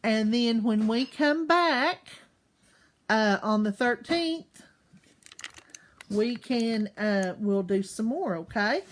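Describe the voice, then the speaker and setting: A woman teaching young children in a slow online class, patiently sounding out words syllable by syllable. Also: on the high side, expressive.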